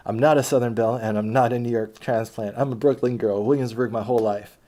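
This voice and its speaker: A man's voice: mid-range voice, steady tone, fast, mellow, close to an everyday voice. A man quoting a sassy, defiant Brooklyn girl. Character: sassy young Brooklyn woman, proud and defiant.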